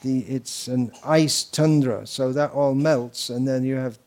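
A man's voice: medium pitch, a little slow, darkish tone. A man giving a devotional lecture to an audience, talking loosely with anecdotes and mocking asides. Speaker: spiritual teacher.

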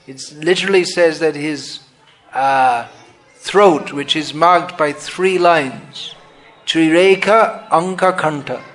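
A man with a high voice explains a sacred story in a devotional talk, stopping to rephrase his words. He speaks slowly and deliberately, now and then acting out the scenes he describes. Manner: thoughtful, self-correcting, acts out scenes.

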